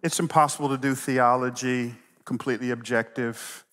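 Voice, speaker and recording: A middle-aged man preaching a sermon as pastor, telling stories with animated swings from loud to hushed. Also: medium pitch, normal speed. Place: church sanctuary. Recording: long reverb of a large hall.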